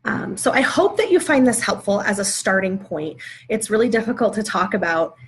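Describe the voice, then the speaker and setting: A woman's voice: medium pitch, animated, moderate pace. A woman who is a parenting educator, giving a conversational live video talk and working through example dialogues.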